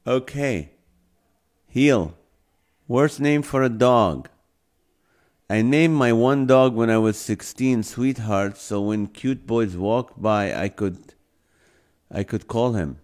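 Slow, laughing male livestream host. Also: mid-range voice, darkish tone. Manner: slow, playful, reading viewer comments aloud and laughing often. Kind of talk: casual live-stream chat. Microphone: phone or camera mic.

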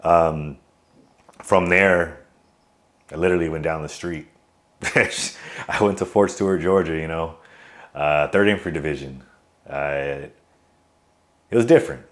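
A California army veteran in his thirties, a guest in a casual interview, tells stories like an outgoing joker, rambling with fillers and restarts. His rumbling low voice has a fairly bright tone, a measured pace, and frequent pauses.

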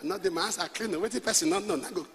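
Nigerian pastor, male, high bright voice, emphatic sermon delivery, long hall reverb, faint background noise. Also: fast. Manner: emphatic preaching, alternating soft asides with shouts; leads call-and-response prayer and prays in tongues.

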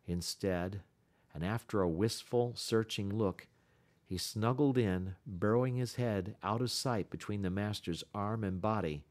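Male audiobook reader, measured storytelling, lowish voice. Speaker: audiobook narrator. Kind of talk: scripted audiobook narration.

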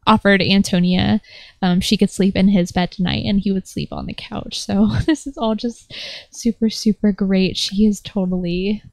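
A woman's voice: medium pitch, fairly even intonation, normal speed, creaky, darkish tone, no echo. A young woman giving casual, gushing commentary over a life-simulation game, laughing often. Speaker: Sims gameplay commentator.

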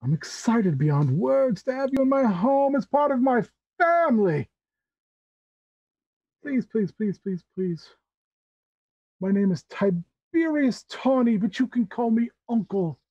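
A man voicing a refined, theatrical male cat who plays benefactor, speaking in an effusive, drawn-out way. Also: very high-pitched, sing-song, a little mellow, no echo, lo-fi sound, pitched above the performer's own voice, exaggerated voice.

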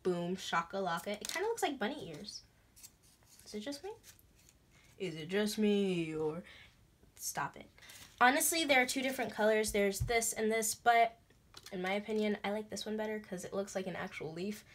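A young woman chatting through a craft tutorial in a bubbly, excitable way, breaking into gasps and squeals. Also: mid-range voice, normal speed. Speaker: craft vlogger. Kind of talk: casual DIY tutorial chat.

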